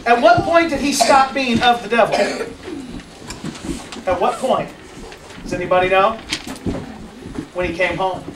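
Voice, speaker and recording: A children's church teacher telling a Bible story to kids in a lively way and asking them questions. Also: mid-range voice, measured pace, long pauses, background noise. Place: church classroom. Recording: echoey room, far from mic.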